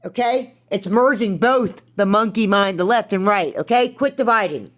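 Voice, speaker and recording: A woman's voice: mid-range voice, normal speed. A woman hosting a podcast, giving an earnest spiritual self-help talk, candid and blunt with occasional swearing, speaking from her own recovery. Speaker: podcast host.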